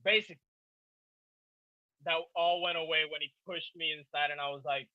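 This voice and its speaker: A man's voice: fairly high pitch, normal speed, no room sound. A young man co-hosting a podcast in casual chat, telling stories animatedly and swearing constantly. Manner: profane, animated storytelling. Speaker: podcast co-host. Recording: dull lo-fi dry sound.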